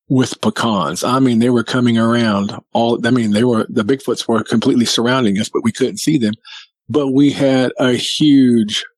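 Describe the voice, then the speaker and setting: A man telling a personal story as a guest, lively and acting out what people said. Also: medium pitch, no room sound, low-quality recording. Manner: animated storyteller who acts out quotes. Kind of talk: casual storytelling.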